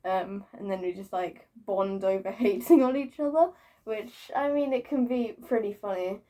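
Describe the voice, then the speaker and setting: A woman's voice: medium pitch, moderate pace, mellow. A woman vlogger ranting casually to camera, swearing freely, giggling and mocking herself, repeating words for emphasis.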